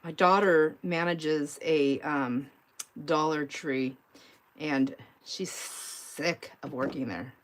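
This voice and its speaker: A middle-aged woman with a fairly low voice chats casually on a live crafting stream. She rambles from story to story, laughs often, and talks straight to her viewers while she works. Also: takes it slowly. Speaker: mixed media art livestream host.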